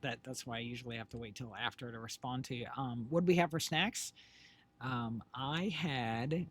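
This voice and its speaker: A middle-aged man, a creator co-hosting a livestream from his home setup, chats casually and ramblingly with viewers, using plenty of fillers and correcting himself. His voice is medium-pitched and a bit bright, at normal speed, picked up by a desk microphone while he wears headphones.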